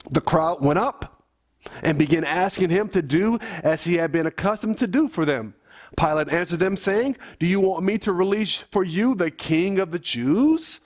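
A man reading scripture aloud at home and stopping to explain it in an informal, emphatic way, with frequent restarts. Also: sits high. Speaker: Bible study leader. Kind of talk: informal family Bible reading and commentary.

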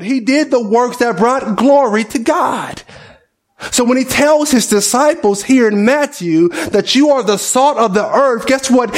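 A male pastor preaching a conversational sermon, often asking his listeners questions. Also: extremely high pitch.

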